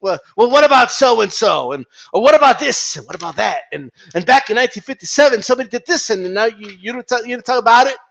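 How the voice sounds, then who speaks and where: Brief: man mocking a petulant male sports fanboy, high, yelling, slow and stretched out. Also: expressive, vocal fry, exaggerated voice, low-quality recording. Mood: indignant. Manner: shouting, drawn-out and high. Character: whiny indignant male boxing fanboy.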